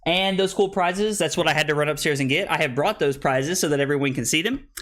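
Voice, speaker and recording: A young man hosting a live-streamed card tournament, out of breath and excitable, rambling with lots of filler words. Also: fairly high pitch, quick pace. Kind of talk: casual live-stream chat.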